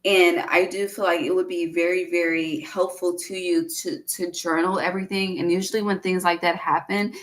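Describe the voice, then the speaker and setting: A woman reads tarot cards in a loose, rambling way, cursing casually and talking straight to her listener. Her voice sits a little low for a woman. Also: little pitch movement, moderate pace, few pauses. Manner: rambling, profane and chatty. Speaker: tarot reader.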